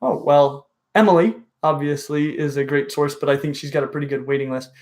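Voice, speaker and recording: A man's voice: a little high, steady tone. Eager man hosting a reptile livestream. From dry western region. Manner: enthusiastic, halting restarts, shouts catchphrases. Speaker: reptile show host. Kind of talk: casual livestream chat.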